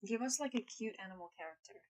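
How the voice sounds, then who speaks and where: A woman's voice: on the high side, lively intonation, fast talker, darkish tone, slight background noise, poor audio. A woman live streaming in casual chat, playful and blunt, swearing freely, speaking English as a second language. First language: not English.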